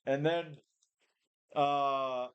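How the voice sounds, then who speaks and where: A man's voice: medium pitch, fairly even intonation, drawn-out words, smooth, highs cut off. A tired, run-down man ranting in a rambling, profane way, often repeating and restarting. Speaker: home gym vlogger. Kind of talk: casual rant to camera.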